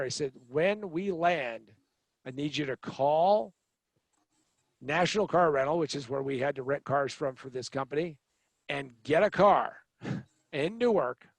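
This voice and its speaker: A middle-aged man hosting a podcast, telling a travel story in an animated, wry and sarcastic way. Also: on the high side, moderate pace, vocal fry, no room sound. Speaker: podcast host. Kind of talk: storytelling anecdote.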